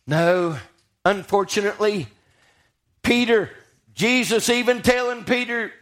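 A man's voice: high voice, normal speed, a bit bright. A man preaching a sermon, telling scripture stories in a folksy, dramatic way. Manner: folksy, dramatic storytelling with acted quotes.

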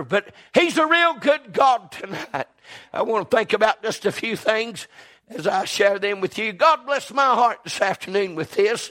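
A middle-aged preacher with a drawl and a strikingly high voice. He delivers his sermon with fervor, repeating phrases in a rolling rhythm and climbing into shouts. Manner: fervent, rising into shouts with rhythmic repetition.

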